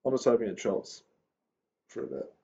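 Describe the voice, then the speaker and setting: A man's voice: mid-range voice, sing-song, normal speed, creaky, dark tone, slight background noise. A young man streaming his live trading, thinking aloud with muttered, chatty asides, in a dull lo-fi recording. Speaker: day trader streaming live.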